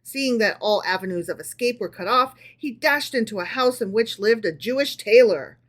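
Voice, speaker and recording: A woman's voice: fairly high pitch, expressive, normal speed, a bit bright. Chatty woman co-host reading aloud. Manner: chatty, checks in with her listener. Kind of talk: casual book club reading.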